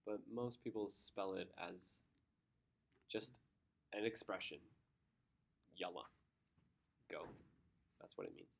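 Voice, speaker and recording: This chemistry teacher sounds husky and creaky, speaking slowly at a low pitch with long pauses. He alternates between lecturing and chatty storytelling with the class, livening up when amused.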